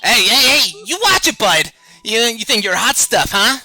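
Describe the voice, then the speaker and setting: A man voicing a hot-tempered male gnome who shouts and picks a fight. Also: extremely high pitch, sing-song, measured pace, gravelly, pitched above the performer's own voice, exaggerated voice. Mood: angry. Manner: loud and combative.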